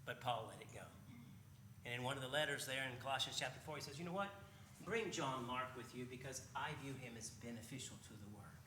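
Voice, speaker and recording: A man's voice: on the high side, sharp tone, echoey room, a little hiss or hum. A man preaching a sermon in a conversational way, often asking his listeners rhetorical questions. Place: church sanctuary.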